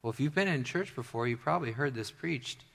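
A man preaches to his congregation, shifting between loud, emphatic declarations and quiet, intimate asides. His voice sits in an ordinary middle pitch and carries the long reverb of a large church hall. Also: animated, fairly quick, vocal fry, husky. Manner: dynamic, swings from loud emphatic bursts to hushed asides. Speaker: pastor. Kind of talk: sermon.

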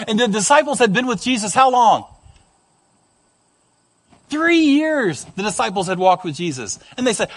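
A man preaching a sermon, telling stories in a conversational, animated way. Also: sits high, fairly quick. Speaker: pastor.

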